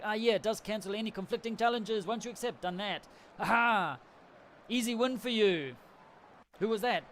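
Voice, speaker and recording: A man from New Zealand hosts a casual livestream chat, telling a rambling travel story and laughing often. His voice is high, with a little hiss or hum.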